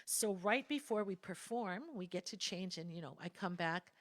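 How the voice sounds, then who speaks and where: A woman's voice: lowish voice, moderate pace, dry recording. Earnest woman telling a personal story. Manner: earnest storytelling, drops to soft whispers for quotes. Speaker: guest speaker at a spiritual service. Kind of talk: personal testimony talk. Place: church sanctuary.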